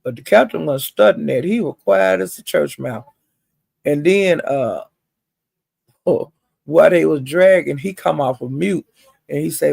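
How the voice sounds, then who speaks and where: Gossipy vlogger man with a gravelly, raspy voice, slightly high, dry close sound. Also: measured pace, dry recording. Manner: chatty, calls listeners honey and child; animated retelling, mimics others' quotes. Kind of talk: gossipy storytelling.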